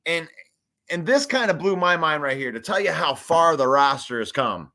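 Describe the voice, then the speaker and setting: A high, bright-voiced man hosts a live fan commentary stream. He talks in an animated, hyped way, reads chat comments aloud and laughs often. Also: normal speed. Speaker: sports show host.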